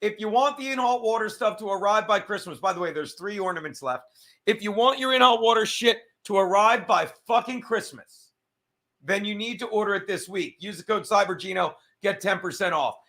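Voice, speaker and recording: High, bright-voiced man ranting. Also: a little fast. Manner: mocking, crude, animated. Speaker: show host. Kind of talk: profane sports rant.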